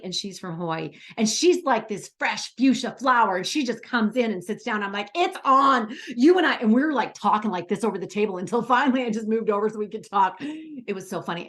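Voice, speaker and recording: A middle-aged woman coaching aspiring speakers in a bubbly, enthusiastic, chatty way, full of stories. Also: on the high side. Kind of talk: coaching lesson.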